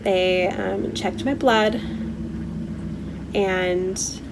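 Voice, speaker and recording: A woman's voice: mid-range voice, steady tone, drawn-out words, vocal fry. Young adult woman, vlogger, emotional and teary, candid talk full of fillers, faint background noise. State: teary, holding back tears; stuffy from a head cold. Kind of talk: personal vlog storytelling.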